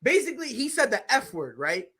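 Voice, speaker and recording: A man hosting a casual sports talk show, rambling and animated, swearing freely with his co-hosts. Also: very high voice, a little fast, a crowd in the background. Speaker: show host.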